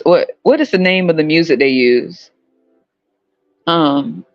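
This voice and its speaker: A podcast host from the US West Coast in a casual monologue, animated and profane, laughing often and jumping up in pitch. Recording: slightly muffled, faint music.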